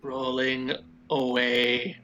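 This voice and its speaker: A man playing in a tabletop game, tossing in quick joking asides. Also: mid-range voice, monotone, bright, forceful tone, faint music behind. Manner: wisecracking asides. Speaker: player.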